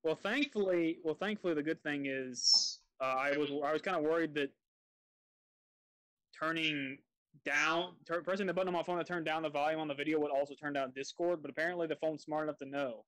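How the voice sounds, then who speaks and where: Southern US man, guest analyst, loose and joking, bright tense tone, fairly high pitch. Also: steady tone, fairly quick, clean tone, low-quality recording. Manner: joking, easygoing. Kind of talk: casual chat over voice call.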